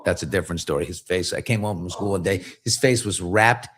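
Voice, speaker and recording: This middle-aged podcast host has a low voice and talks a little fast while telling a story in casual conversation. Animated throughout, he slips into different voices for the people in his tale.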